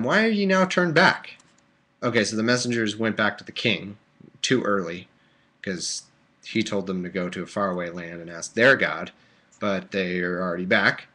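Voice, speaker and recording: A man's voice: fairly low pitch, normal speed, bright, forceful tone. A man casually reading aloud on a live stream, breaking off for sleepy, joking asides. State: drowsy. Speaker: host reading and commenting. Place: warm room at home.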